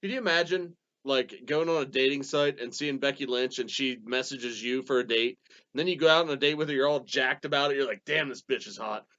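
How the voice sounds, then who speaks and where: A man's voice: medium pitch, fairly quick, pushed and bright. Guy in the middle of his range, rambles and laughs a lot, dull lo-fi audio. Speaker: guest podcaster. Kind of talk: casual podcast chat.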